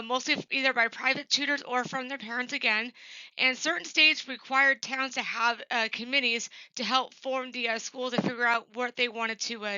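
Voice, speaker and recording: A woman's voice: high voice, bright, forceful tone, no echo, highs cut off. A woman giving a recorded class presentation for her professor. She talks plainly and earnestly, with frequent ums and uhs. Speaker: student presenting an assignment.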